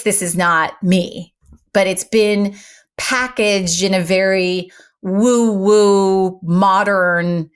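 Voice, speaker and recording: Animated, articulate woman guest. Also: lowish voice. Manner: articulate, emphatic, animated delivery with varied pace. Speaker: interview guest, former news anchor and communication coach. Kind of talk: conversational interview.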